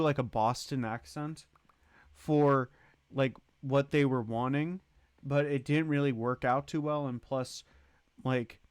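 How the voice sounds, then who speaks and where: A man's voice: medium pitch, smooth, dry recording, studio quality. A man hosting a livestream, chatting casually in a rambling way and greeting and thanking viewers in the chat. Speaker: livestream host.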